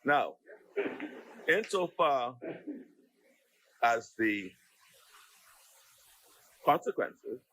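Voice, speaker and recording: Bahamian man, MP type, husky tone, argues a point in the chamber, stumbles and restarts a lot. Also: medium pitch, big pitch swings, extremely slow, pauses often, a bit bright, no room sound, rough recording. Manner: argumentative, frequent restarts and repeated words. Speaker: member of parliament. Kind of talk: parliamentary debate speech. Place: legislative chamber.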